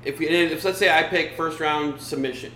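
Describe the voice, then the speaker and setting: A man's voice: a little high, moderate pace, sharp tone, echoey room, slight background noise, rough recording. A man in casual banter as a podcast co-host, joking and eager, often repeating himself. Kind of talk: casual chat.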